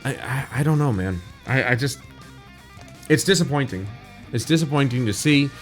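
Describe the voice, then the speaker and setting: A man's voice: medium pitch, lively intonation, normal speed, faint music behind. A young man hosting a reaction video, talking through his thoughts in a rambling, candid way with frequent restarts. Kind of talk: casual spoken reaction commentary.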